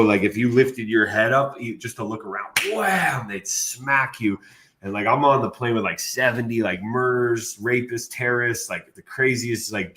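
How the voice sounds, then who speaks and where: A man, an interview guest, telling a long story in a casual, animated way and saying "bro" a lot. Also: fairly low pitch. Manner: animated, slangy, says "bro" often.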